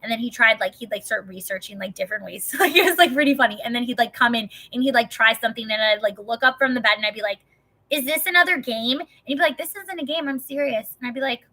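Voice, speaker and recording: A young adult woman talks loosely and candidly, her voice bright and a touch high. She rambles from point to point, swears freely and leans on "like" in nearly every line. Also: very fast, hardly any pauses. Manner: rambling, profane, heavy filler "like". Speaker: vlogger. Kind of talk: casual chat.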